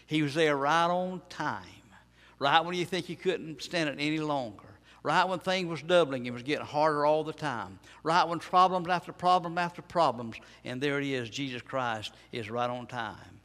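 A male pastor delivers a sermon with a gravelly, mid-pitched voice. He drives his points home through repetition and rhetorical questions. The sound rings out with a long echo in a church hall. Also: a bit bright.

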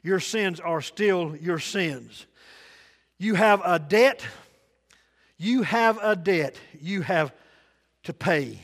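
Male preacher, folksy storytelling, high-pitched, reverberant church hall. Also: takes it slowly, pauses often. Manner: folksy storytelling with dialect, varied loud and soft delivery. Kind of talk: sermon.

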